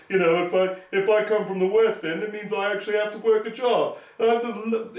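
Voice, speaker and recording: A man in his thirties hosts a casual hobby chat with a rather high voice, rambling along with sarcastic jokes. He sounds set back from the microphone in an echoey room. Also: far from the mic. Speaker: show host.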